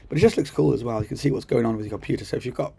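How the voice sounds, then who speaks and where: Speaking rapid-fire in a warm, slightly rough mid-range voice with vocal fry, a coding teacher chats enthusiastically through a screen-recorded tutorial. He thinks aloud with lots of ums, captured by his computer mic.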